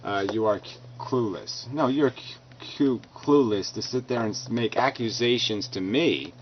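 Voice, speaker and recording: A man angrily reading out and rebutting comments, profane and combative, stumbling over restarts. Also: fairly low pitch. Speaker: video blogger answering comments. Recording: dull lo-fi recording with faint noise.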